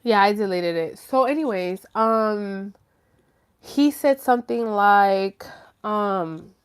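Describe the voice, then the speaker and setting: A woman hosting a live stream, telling her viewers a story casually, rambling and animated, with lots of "like" and some swearing. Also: mid-range voice, slow, clean tone. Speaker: host of a live chat stream.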